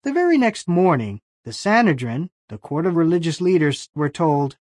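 A narrator reading a bible story lesson in slow, clear scripted storytelling. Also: mid-range voice, very animated, no echo, studio quality.

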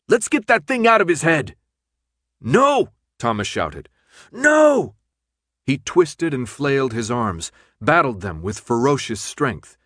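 A man narrating an audiobook in a steady, measured reading. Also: on the low side, no room sound, clean studio sound. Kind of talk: scripted narration.

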